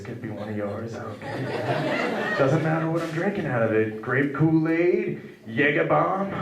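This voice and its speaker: A man performing a stand-up comedy set, telling absurd stories in a deadpan way and acting out the voices in them. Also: mid-range voice, noisy background. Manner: deadpan absurd storytelling, acts out quoted voices. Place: comedy club stage. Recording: echoey club recording from far off with crowd. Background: audience laughter.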